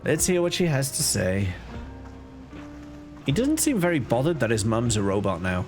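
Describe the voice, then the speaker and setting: Man with a softened Liverpool accent. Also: medium pitch, sing-song, normal speed. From Liverpool, England. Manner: thinks aloud, with restarts and hesitations. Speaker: streamer. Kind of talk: casual live-stream commentary. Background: faint game music.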